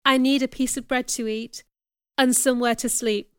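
A timid young woman, as a woman reader plays her, imploring softly in a raised voice. The tone is very smooth and resonant, recorded dry and close. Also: on the high side, fairly even intonation, moderate pace, dry recording, close to an everyday voice. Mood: pleading. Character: poor, pleading young woman, almost nineteen. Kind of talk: audiobook character reading.

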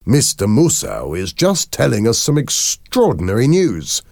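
A man voicing a cheerful, mischievous father in a storybook reading, with a raised, bright delivery. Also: medium pitch, huge pitch swings, unhurried, vocal fry, dry recording, clean studio sound, pitched above the performer's own voice, exaggerated voice. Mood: teasing. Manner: bright, teasing, laughing.

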